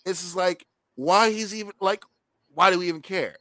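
A man's voice: high-pitched, normal speed, no room sound. A man co-hosting a movie review show, talking casually and animatedly, swearing freely. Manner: animated, swearing, mocking voices in quotes. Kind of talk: casual chat.

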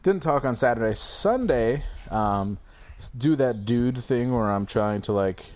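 Man, mid-pitched voice, rambling storyteller, lots of swearing, restarts. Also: animated, a little slow, darkish tone. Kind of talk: casual chat.

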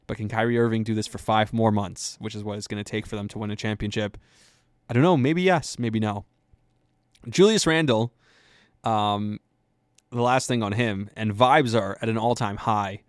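A man's voice: on the low side, clean tone, no echo, clean studio sound. A man hosting a sports podcast, talking casually and rambling with lots of fillers as he goes. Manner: chatty and rambling, with many fillers.

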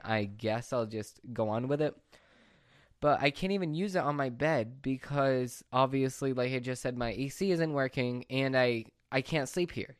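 Rambling young man, smooth dry voice. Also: medium pitch, no echo. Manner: rambling, excitable, self-correcting. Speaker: vlogger. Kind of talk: casual storytelling to camera.

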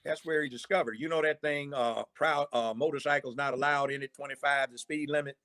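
A gravelly-voiced man spins a casual story and acts out what each person said. The sound is dry and close. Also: a little high, a little fast, dry recording. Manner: animated storyteller acting out quotes. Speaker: guest storyteller. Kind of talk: casual anecdote telling.

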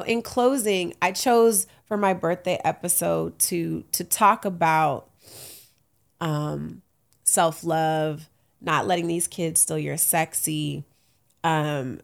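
A woman in her late 30s with a lowish, gravelly voice hosts a casual solo podcast. She speaks African American Vernacular English, comes across candid and uplifting, and laughs often.

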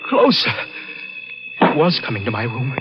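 A man's voice: mid-range voice, sing-song, normal speed, lightly acted. An actor in an old radio drama playing a nervous young man who murdered his uncle, stammering as fear takes hold. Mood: tense narration. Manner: nervous, stammering, rising to panic. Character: young man, guilt-ridden nephew turned murderer. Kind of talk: 1940s radio drama acting. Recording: old radio recording with music bed.

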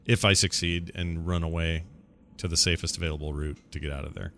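Deep-voiced hesitant male player. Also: steady tone, a little fast, vocal fry, fairly bright tone, a little hiss or hum. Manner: hesitant, explains rules with fillers. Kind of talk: tabletop game play.

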